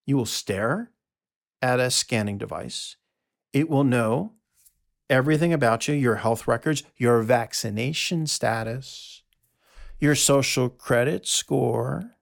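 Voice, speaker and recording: A man with a gravelly, creaky voice delivers a solo monologue, reading from his notes. He is emphatic and sarcastic, stressing his points and tossing in quick asides. His pitch sits in an ordinary middle range. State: out of breath. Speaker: podcast host.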